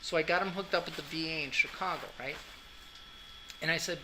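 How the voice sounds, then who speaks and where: A man's voice: a little high, fairly even intonation, brisk, long pauses, background noise. A man teaching an anatomy class, telling a long anecdote in a chatty way, often asking "right?" and laughing at his own jokes. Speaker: college anatomy instructor. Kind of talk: lecture anecdote.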